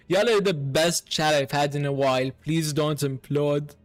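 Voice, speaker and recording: A man streaming a video game, chatting casually and excitably with his viewers and swearing freely. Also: on the high side, moderate pace, vocal fry, few pauses, soft background music. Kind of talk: casual live-stream chat while gaming.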